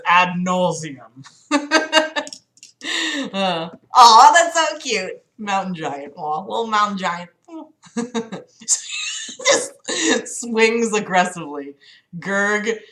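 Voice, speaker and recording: Woman, slow sarcastic book reading with wry commentary, bright lively voice, echoey room. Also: mid-range voice. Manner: sarcastic, laughs often, swears. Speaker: livestreamer reading a book aloud. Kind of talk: mocking read-aloud with commentary.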